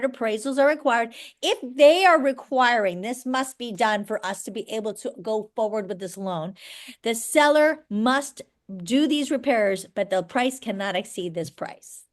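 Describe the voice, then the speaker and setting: A middle-aged woman leads a live training class for agents. Her voice sits a little high. She talks bluntly and briskly, stopping often to check that the room follows her. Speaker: real estate broker teaching agents.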